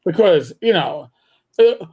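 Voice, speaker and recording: A man co-hosting a casual chat, who talks very slowly and haltingly. He keeps restarting his sentences as he works his way toward a point. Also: high voice, lively intonation, a little mellow, slight background noise. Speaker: co-host.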